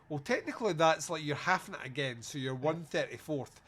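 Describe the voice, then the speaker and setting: A man with a slightly raised voice, hosting a casual film-review chat. He swears freely and jokes as he goes. He acts out the film's lines in quick put-on voices. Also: fairly high pitch, fairly bright tone. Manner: sweary, jokey, quotes scenes in put-on voices. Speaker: podcast host.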